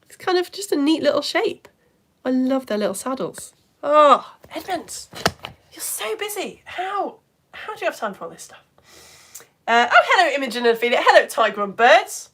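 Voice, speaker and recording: A woman, an online science teacher chatting casually and warmly reading out viewer comments during a live stream. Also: sits high, very animated, moderate pace. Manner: chatty and effusive, reads comments aloud.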